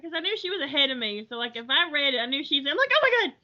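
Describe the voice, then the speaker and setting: A woman chatting on a podcast in an excitable, gushing way. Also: high voice, racing. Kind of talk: casual chat. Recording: lo-fi podcast audio.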